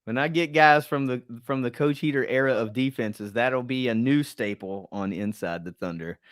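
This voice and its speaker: A man's voice: mid-range voice, normal speed, dry recording, clean studio sound. A middle-aged man hosting a casual podcast interview, friendly and rambling in his questions. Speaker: podcast host.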